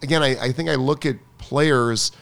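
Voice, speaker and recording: A man's voice: medium pitch, moderate pace, creaky. A man co-hosting a casual chat about tennis coaching, enthusiastic and emphatic, often repeating himself for stress.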